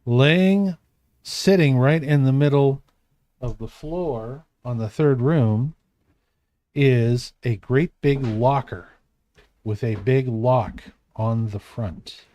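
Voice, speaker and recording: Slow, mellow-voiced man as game master. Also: mid-range voice. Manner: meandering, self-correcting. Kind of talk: narrating a tabletop game.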